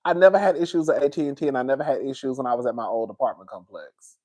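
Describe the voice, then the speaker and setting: A man's voice: mid-range voice, racing, darkish tone. A man, hosting a casual livestream and venting in a sassy, exasperated way to his viewers. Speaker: livestream host.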